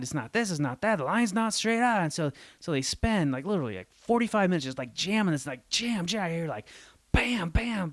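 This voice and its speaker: A man hosting his own show, telling a story about a botched appliance installation in an animated, exasperated monologue and acting out the people he quotes. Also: on the high side, no echo. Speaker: show host.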